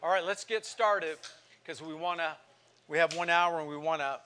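A man in his sixties teaching a Bible class in sermon style, reading scripture with passion and swinging from soft to loud. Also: on the high side, normal speed, clear, resonant tone. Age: 60s.

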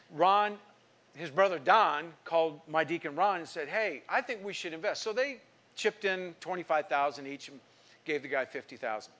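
A middle-aged male pastor preaching a sermon, telling a story and acting out the people in it, swinging from emphatic lines to hushed ones. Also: fairly high pitch. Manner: storytelling, acting out quoted speech; emphatic preaching with sudden drops to quiet.

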